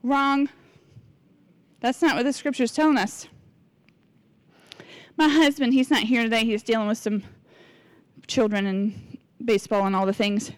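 A woman's voice: on the high side, fairly even intonation, unhurried, long pauses, no room sound. A woman in her forties giving a casual, candid sermon in church, chatty and confessional, acting out what people say. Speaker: lay preacher.

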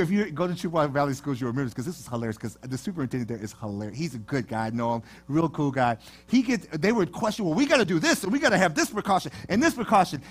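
A man preaching a sermon, telling jokes and stories to his congregation in a lively, playful way. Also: on the high side. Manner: animated storytelling with jokes to the congregation. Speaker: pastor. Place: church sanctuary.

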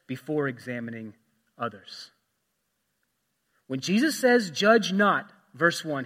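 A man delivers a sermon in a church sanctuary. His pitch sits high for a man, and his voice rings out with long hall reverb. He swings between loud, emphatic passages and quiet, hushed asides. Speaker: pastor.

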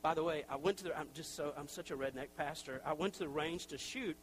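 A man's voice: fairly high pitch, fast, a little hiss or hum, rough recording. A middle-aged man preaching a sermon as a pastor, talking conversationally with self-deprecating asides and acted-out quotes. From Tennessee.

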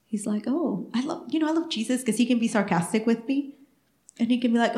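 A woman's voice: fairly high pitch, fast talker. A middle-aged woman pastor preaching a sermon, telling stories and acting out the dialogue in them. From Mexican heritage. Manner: animated storytelling, acting out dialogue. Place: church sanctuary. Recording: echoey church room.

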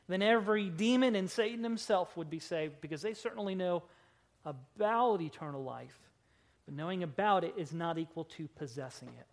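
A woman's fairly low voice carries a sermon through a church service. Some lines come out loud and forceful, others hushed, and she slows her delivery whenever she wants a key word to land.

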